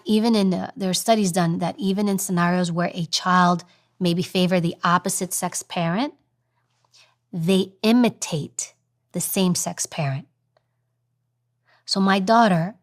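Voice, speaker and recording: A woman guest in an interview, a former agent now on TV news, talking emphatically and acting out voices as examples. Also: lowish voice. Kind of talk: interview advice talk.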